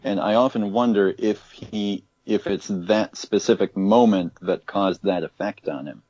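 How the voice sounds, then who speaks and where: A man's voice: lowish voice, unhurried, mellow, dull audio. A man in a casual book discussion, explaining in a matter-of-fact way.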